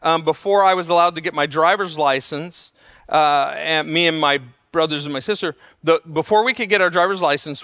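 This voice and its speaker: With a voice on the high side and a big-room sound, a man preaches a sermon, narrating stories with energy and mimicking the voices of the people he cites.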